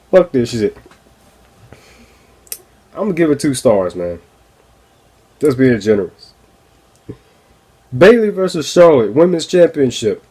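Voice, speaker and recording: A man's voice: medium pitch, big pitch swings, slow, long pauses, mellow, husky. A man hosting a wrestling review podcast, ranting casually and profanely with frequent laughs. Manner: profane, exasperated, laughs often.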